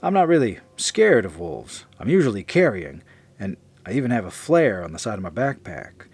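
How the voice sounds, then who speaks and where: A man narrating a first-person horror story in a measured, confessional way. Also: lowish voice, big pitch swings, darkish tone, breathy edge, dry recording.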